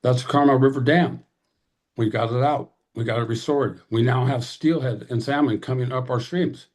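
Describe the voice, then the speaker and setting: A man's voice: mid-range voice, normal speed, a little mellow. A man giving an impassioned, urgent address to a webinar audience over a video call. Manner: fervent, urgent, exhorting. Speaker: tribal representative presenter.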